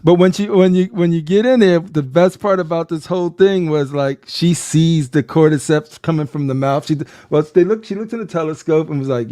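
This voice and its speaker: Man, casual show chat, smooth clear voice, slightly high, dry close sound. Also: dry recording. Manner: animated, acts out scenes in quick voices. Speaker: podcast co-host. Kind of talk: casual watch-along chat.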